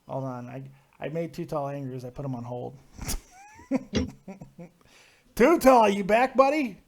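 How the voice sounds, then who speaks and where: Man, high-pitched, call-in show host, joking, profane. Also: lively intonation, a little slow, noisy background. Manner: joking, profane, mock-soothing. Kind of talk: casual live podcast banter.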